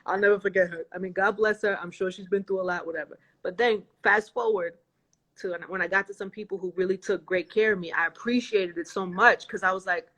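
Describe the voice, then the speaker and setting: A woman's voice: mid-range voice, fairly even intonation, fairly quick, a bit bright, low-quality recording. A woman guest in a casual livestream chat, earnestly recounting a painful ordeal over a video call.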